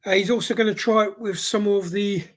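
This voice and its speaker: A man's voice: high-pitched, fairly even intonation, a little fast. A man hosting a livestream hot sauce test who has a head cold and a runny nose, exclaiming and reacting aloud as the spice hits. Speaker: hot sauce reviewer and host.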